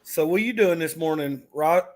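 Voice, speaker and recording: A man hosting a casual fishing livestream chat, teasing friends and often clearing his throat. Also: on the high side, fairly quick.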